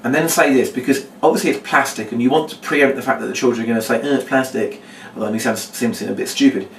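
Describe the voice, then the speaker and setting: A man, a children's magician, demonstrating a trick step by step and acting out his patter with a brighter voice. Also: steady tone, fast talker, slight background noise. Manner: explains step by step, then acts out his patter in a bright, higher voice. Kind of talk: demonstration lesson. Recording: echoey room, mic at a distance.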